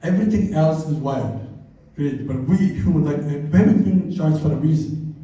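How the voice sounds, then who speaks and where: A man's voice: fairly high pitch, normal speed, warm tone. An older man giving a reflective, storytelling talk to a live audience in a hall. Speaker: speaker. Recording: very echoey hall, voice from far off.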